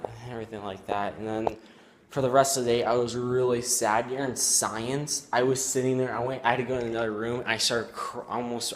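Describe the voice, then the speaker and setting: A teenage boy telling a personal story at home, rambling and halting with many fillers. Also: mid-range voice. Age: teens. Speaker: student vlogger. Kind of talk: casual storytelling.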